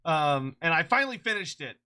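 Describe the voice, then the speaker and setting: A streamer chatting casually on a live stream, excitable and rambling, swearing freely and laughing often, short on sleep. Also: mid-range voice, fairly quick, smooth. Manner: rambling with frequent restarts.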